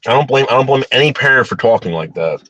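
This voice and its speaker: Blunt, heated man with a bright voice. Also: medium pitch, expressive, fast talker, no room sound, dull audio. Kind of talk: ranting opinion monologue.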